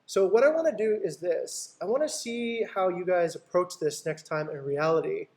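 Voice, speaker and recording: Man, higher voice, lively coach who acts out client talks and keeps checking in with his team. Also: moderate pace. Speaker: company CEO training his sales team. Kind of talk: sales training in an online video meeting.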